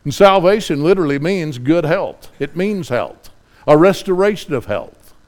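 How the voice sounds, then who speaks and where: Impassioned preacher with a smooth voice. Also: male voice, a little high, lively intonation, moderate pace. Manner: impassioned, rising pleas then quiet scripture reading. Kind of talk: sermon.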